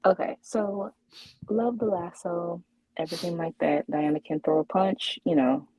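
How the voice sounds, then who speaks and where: A woman's voice: on the low side, steady tone, normal speed, warm tone, slightly rough, dry recording, low-quality recording. A woman co-hosting a podcast in casual chat, hesitant, with many fillers and restarts. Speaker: podcast co-host.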